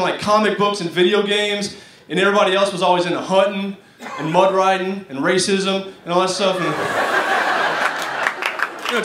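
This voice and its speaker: A young man from Arkansas doing a stand-up set, rambling and self-mocking with lots of fillers. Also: high voice. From Arkansas, United States. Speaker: stand-up comedian. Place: comedy stage. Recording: echoey room from far, clear noise.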